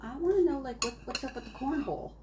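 Middle-aged mom, high and very expressive, teasing and laughing through family dinner talk; faint hiss. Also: female voice, quick pace. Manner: playful, laughs a lot, acts out silly voices. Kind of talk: casual family chat.

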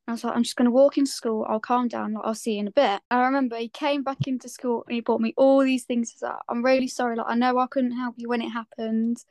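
A woman's voice: on the high side, flat delivery, quick pace, hardly any pauses, a little mellow, dry recording. A teenage girl speaking candidly in a casual podcast chat, full of "like". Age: teens. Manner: candid, earnest, lots of "like". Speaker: podcast guest.

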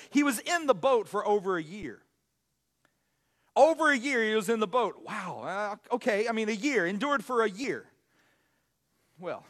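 A man preaching a sermon as pastor, animated, often stumbling over his words and restarting. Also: sits high. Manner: animated, self-correcting preacher with frequent restarts.

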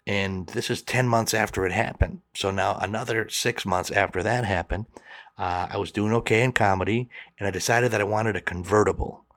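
A man's voice: lowish voice, steady tone, fairly quick, fairly bright tone, no room sound, clean studio sound. A man telling a personal story in conversation, acting out both sides of the dialogue.

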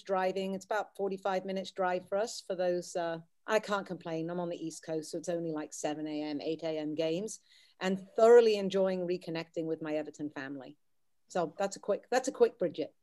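A woman's voice: fairly low pitch, steady tone, fairly quick, mellow. A middle-aged woman from the Wirral with a light Scouse accent touched by American, chatting casually as a guest. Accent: light Scouse mixed with American. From the Wirral, England. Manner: chatty and self-deprecating, with many restarts. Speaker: podcast guest; English teacher. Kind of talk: casual chat.

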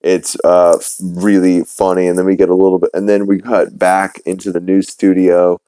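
A man's voice: low voice, monotone, moderate pace, mellow, smooth, no room sound, low-quality recording. A young man from New Orleans who hosts a podcast, casually recapping a cartoon episode in a rambling way, full of fillers and acted-out quotes. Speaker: podcast host.

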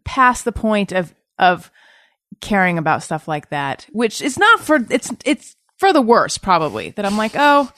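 A woman's voice: mid-range voice, unhurried, no echo, studio quality. A woman hosting a podcast in casual chat, reading out listener questions and joking at her own expense. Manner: chatty, self-deprecating, animated. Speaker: podcast host.

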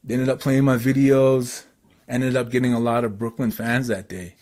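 Excitable rambling Canadian storyteller man. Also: mid-range voice, normal speed. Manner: excitable, rambling, lots of fillers. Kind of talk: casual storytelling.

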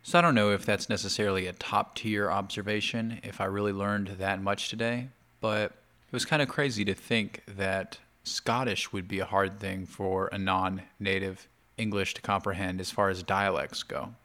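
Chatty man vlogging while eating, low voice. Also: level tone, moderate pace, bright, forceful tone. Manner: chatty, talks between bites of food. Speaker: video blogger. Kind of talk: casual chat to camera.

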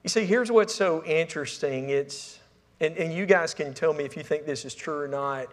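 A man's voice: fairly high pitch, normal speed. A male pastor preaching a conversational sermon, often repeating words and putting questions to the congregation. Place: church sanctuary. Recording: long reverb of a church hall.

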